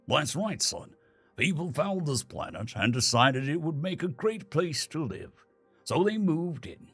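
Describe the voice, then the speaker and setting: A gentle young father explaining patiently to his son, voiced by a male storyteller. He talks slowly and carefully, with a husky, breathy grain. His pitch moves in a lively way over faint background music. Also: exaggerated voice. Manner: slow, explaining tone.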